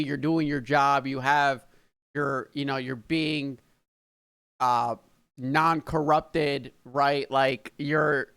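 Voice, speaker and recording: An American man hosting a reaction video, casually chatting in an excitable, rambling way with plenty of swearing. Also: fairly high pitch, no echo. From United States.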